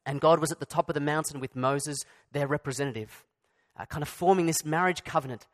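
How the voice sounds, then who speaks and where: A man's voice: on the high side, a little fast. A man preaching a sermon in a conversational way, with asides and restarts. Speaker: pastor.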